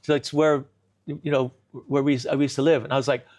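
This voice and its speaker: A man telling a long comic story in a kitchen chat, animated, full of restarts and bursts of laughter. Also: medium pitch, fast talker. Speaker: comedian guest.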